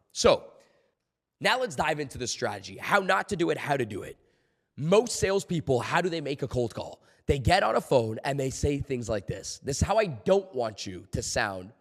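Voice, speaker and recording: A man's voice: mid-range voice, big-room sound. A man coaching on cold calling in an emphatic motivational talk, repeating his key points and swearing casually. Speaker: sales coach.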